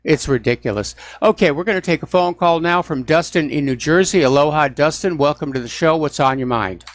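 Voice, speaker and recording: Sarcastic talk radio host, dry studio. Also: male voice, fairly high pitch, a little fast, no room sound. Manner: sarcastic, mocking blustery officials. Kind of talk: political talk radio monologue.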